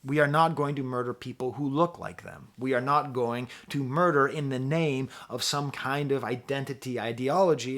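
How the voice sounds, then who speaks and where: A music reviewer hosting his own channel delivers a casual monologue about a record in a medium-pitched voice. He is impassioned and emphatic, laughs readily, and speaks directly to the viewer with teacherly asides.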